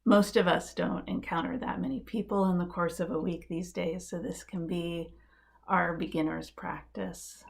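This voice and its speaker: A woman minister preaching a live-streamed sermon from a living room. Her voice sits low and carries a gravelly edge. She tells her story in a measured, earnest way, leaning on quiet emphasis. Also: fairly even intonation. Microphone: live-stream setup.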